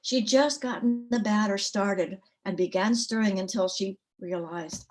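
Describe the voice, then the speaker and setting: A woman storyteller at a story swap, telling a folk tale with an expressive, rhythmic cadence. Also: medium pitch, measured pace, hardly any pauses.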